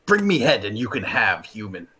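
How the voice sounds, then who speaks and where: A man's voice: fairly low pitch, sing-song, moderate pace, pushed and bright, exaggerated voice. A man voicing a crude male goblin who talks in blunt, broken sentences during a tabletop game. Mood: demanding. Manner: broken grammar, gruff demands.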